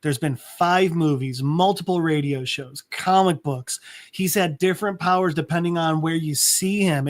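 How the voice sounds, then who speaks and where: A man co-hosting a podcast, casually recapping a comic and acting out the characters' lines in an animated way. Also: on the high side. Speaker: podcast co-host.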